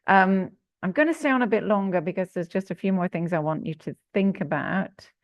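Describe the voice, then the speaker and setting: A woman executive coach giving an interactive workshop talk, asking her audience questions in an animated way. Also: mid-range voice, a little fast, no echo.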